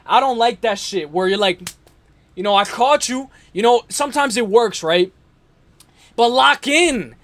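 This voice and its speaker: High-voiced man rambling about fights. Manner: rambling, slangy, repeats himself, addresses chat directly. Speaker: MMA livestream host. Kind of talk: casual fight-talk livestream.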